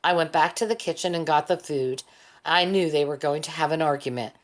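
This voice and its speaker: A woman reads a novel aloud in a calm, steady way. Her voice sits a little low and stays even. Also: a little fast. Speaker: audiobook reader. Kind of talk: audiobook narration.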